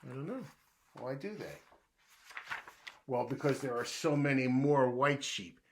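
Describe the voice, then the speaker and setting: There's a little hiss or hum as a man reads a children's riddle book aloud at a measured pace in a medium-pitched voice. Playfully, he poses every riddle and answers it himself, going hushed when he takes the role of the puzzled guesser.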